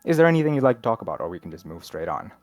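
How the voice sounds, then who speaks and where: Male game master, lowish voice, descriptive narration for a tabletop game. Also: big pitch swings, very fast, soft background music. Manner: descriptive, laughs easily.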